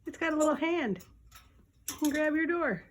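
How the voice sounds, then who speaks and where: A woman's voice: high-pitched, lively intonation, normal speed, a little hiss or hum. A woman at home talking to her parrot in playful, cooing baby talk, teasing and sing-song. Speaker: pet owner filming her parrot. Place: indoors at home.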